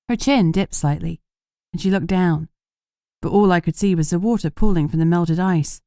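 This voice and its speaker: A woman narrating an audiobook in the first person, with steady, measured reading and firm dialogue. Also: lowish voice, dry recording, clean studio sound.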